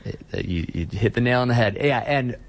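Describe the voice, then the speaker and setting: A man's voice: medium pitch, animated, moderate pace. A man who is a pastor, talking earnestly in an interview and often repeating words as he starts a sentence. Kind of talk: conversational interview.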